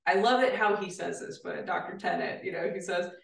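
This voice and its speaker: A woman's voice: on the low side, fairly quick, vocal fry. Enthusiastic woman guest, echoey room. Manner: enthusiastic, explanatory. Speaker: guest therapist. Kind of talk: casual interview chat. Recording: roomy, distant mic.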